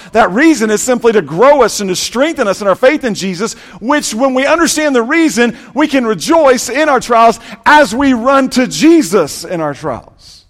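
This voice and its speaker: A man preaching a sermon, building emphasis through repeated, rhythmic lists and then dropping to a quieter, intimate tone. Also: high voice. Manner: preaching with rising and falling intensity, repetitive emphatic lists. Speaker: pastor. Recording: long hall reverb.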